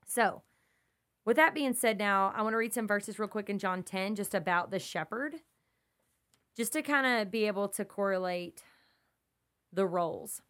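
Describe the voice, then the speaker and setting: A woman's voice: mid-range voice, moderate pace, long pauses, a bit bright. A woman who is a mother and podcast host, teaching scripture in an earnest, emphatic, storytelling way that stays conversational. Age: young adult to middle-aged, mother of kids.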